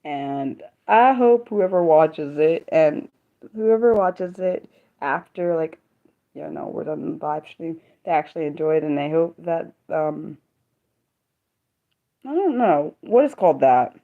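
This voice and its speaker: A young woman chatting casually on her own livestream, talking fast and rambling, breaking off and restarting her sentences. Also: deep voice, animated. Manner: fast, rambling, self-interrupting talk. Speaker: livestream host sharing poetry. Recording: dull lo-fi sound.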